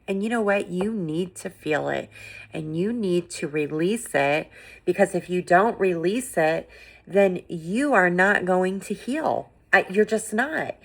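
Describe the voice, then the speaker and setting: A middle-aged woman with a low voice hosts a gentle, encouraging podcast monologue. She talks earnestly and casually, leaning on "you know" and "like" as she goes. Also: creaky. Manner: earnest, conversational, many fillers like "you know" and "like". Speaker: podcast host.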